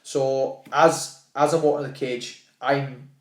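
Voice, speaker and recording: A young Welsh man, a podcast guest, telling stories in casual chat, animated and swearing, acting out what people said. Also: mid-range voice, a little slow, roomy sound. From Wales. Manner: animated, swearing, restarts and acts out quotes.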